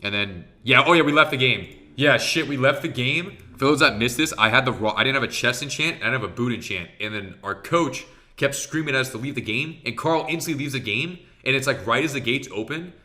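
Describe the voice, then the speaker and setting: A man talking viewers through his own match in a loose, excitable way, dropping swears as he goes. His voice is bright and forceful, with a punchy edge. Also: mid-range voice, fairly quick, hardly any pauses. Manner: excitable and profane, talks straight to viewers. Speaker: professional arena player reviewing his match. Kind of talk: casual gameplay commentary.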